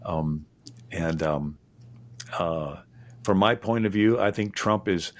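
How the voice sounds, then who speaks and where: A historian guest talking in an interview, rambling with many fillers and restarts. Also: male voice, low voice, slow pace. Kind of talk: conversational interview.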